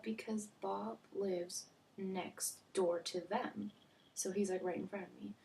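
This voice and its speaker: A woman's voice: mid-range voice, steady tone, takes it slowly, gravelly, warm tone. A young woman telling a storytime vlog in a chatty way, full of "like" fillers, often dropping to a near-whisper. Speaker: vlogger. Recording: faint background noise.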